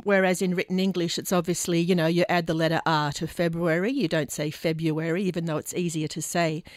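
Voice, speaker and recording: A woman with an Australian accent, a language expert guest in a radio studio, explaining in a relaxed way with some fillers. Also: fairly low pitch, dry recording.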